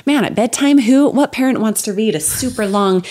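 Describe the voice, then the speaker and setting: A young adult woman talking as a podcast guest in a casual interview, chatty and animated, often laughing as she talks. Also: fairly high pitch, moderate pace. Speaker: podcast guest, children's book writer.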